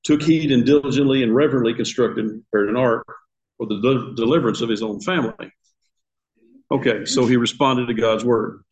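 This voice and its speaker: A man's voice: mid-range voice, brisk, lo-fi sound. An older man teaching a Sunday school class in a church classroom. He talks in a conversational way, asks the class questions and chuckles at his own asides.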